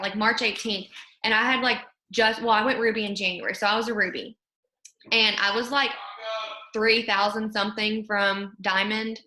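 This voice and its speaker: A woman's voice: mid-range voice, pushed and bright, echoey room. A woman hosting a casual motivational chat, talking freely with lots of fillers. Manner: chatty, fills with "like" and "you know". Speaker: host.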